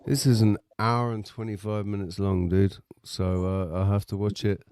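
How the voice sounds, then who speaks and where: A man's voice: on the low side, level tone, moderate pace, a little mellow, clear, resonant tone, no echo. A man hosting a casual chat, with dry, sarcastic remarks and frequent swearing.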